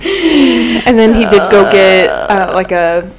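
A woman's voice: mid-range voice, animated, takes it slowly, a loud crowd. Rambling young woman telling a story. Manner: rambling storyteller, acts out quotes. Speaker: podcast co-host. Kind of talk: casual chat.

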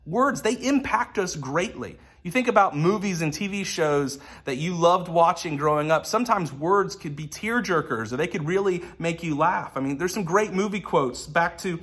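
A man's voice: a little high, lively intonation, moderate pace, hardly any pauses, fairly bright tone, breathy edge. A man in his thirties preaching a sermon in a conversational, earnest way with light humor. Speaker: pastor.

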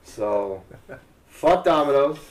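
A man's voice: medium pitch, animated, takes it slowly, slight background noise. A man running a tabletop game as dungeon master, casual and loose, swearing freely.

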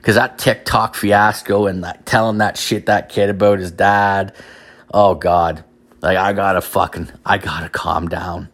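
A man's voice: deep voice, flat delivery, a little slow, a bit bright. A young man telling a crude, profanity-heavy story as a podcast host, laughing at his own jokes.

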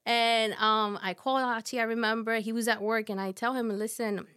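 Brief: woman in her 30s, podcast guest, slightly high voice, halting and soft. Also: steady tone, smooth. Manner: halting, soft storytelling with many fillers. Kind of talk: casual conversation.

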